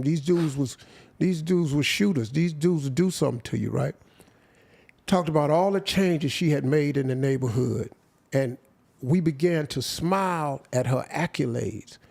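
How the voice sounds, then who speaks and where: Gravelly older guy, aave, slow heartfelt storytelling, gets really quiet at the sad parts. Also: on the high side. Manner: slow, heartfelt, drops to near silence at emotional points. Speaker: interview guest. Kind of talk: emotional storytelling.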